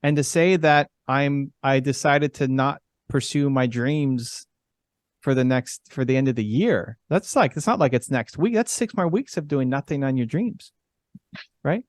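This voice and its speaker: A man's voice: medium pitch, unhurried, dry recording, studio quality. A man giving an earnest, encouraging motivational talk as guest speaker, repeating himself for emphasis.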